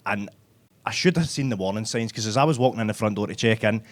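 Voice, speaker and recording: A Glaswegian comic with a fairly low voice talks fast through a live stand-up set on a comedy club stage. He's brash and curses a lot, chatting with the crowd and adding "right?" to the ends of lines.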